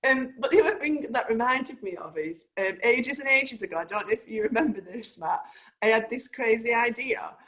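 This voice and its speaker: A woman's voice: fairly high pitch, animated, normal speed, fairly bright tone. A woman hosting a talk show, chatting in a rambling, casual way full of "like" and "um". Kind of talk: casual chat.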